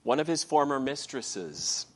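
A man's voice: mid-range voice, lively intonation, measured pace. A male pastor preaching a sermon in a conversational way, with frequent "okay" check-ins and fillers.

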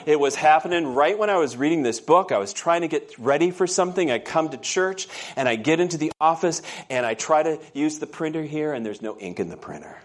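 A man's voice: fairly high pitch, animated, brisk, few pauses. A man preaching a sermon in church, telling stories and often asking the congregation questions. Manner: storytelling, conversational, asks the congregation questions. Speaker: pastor.

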